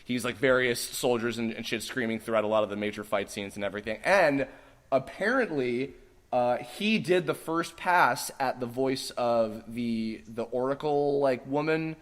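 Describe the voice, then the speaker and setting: A man's voice: medium pitch, moderate pace. A man hosting a podcast, telling a story casually with lots of swearing and acted-out quotes. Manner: animated, swearing, acts out quoted voices. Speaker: podcast host.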